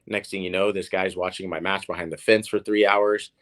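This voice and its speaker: A man in his thirties with a deep, low voice, guesting in a relaxed interview. He is from Oklahoma and tells his stories in a rambling way, full of fillers and restarted words. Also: fairly quick. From Oklahoma, USA. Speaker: guest, professional tennis player. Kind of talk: casual storytelling interview.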